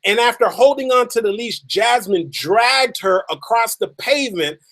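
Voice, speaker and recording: Emphatic high-voiced male motivational speaker. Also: lively intonation, a bit bright. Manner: emphatic, repeats phrases for effect; slows down and stretches key lines for drama. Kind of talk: motivational storytelling speech.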